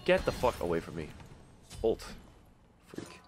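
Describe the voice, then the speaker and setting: A young man commentating his own gameplay, muttering one moment and yelling and cursing in frustration the next. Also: low-pitched, huge pitch swings, a little slow, faint music behind. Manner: swings between mutters and yelled, cursing outbursts. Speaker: gaming YouTuber.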